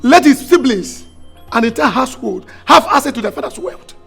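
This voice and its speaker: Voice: medium pitch, animated, normal speed, a bit bright, faint music behind, full character voice. An actor playing an outspoken council elder who protests emphatically. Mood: emphatic. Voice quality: gravelly and husky. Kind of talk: film acting.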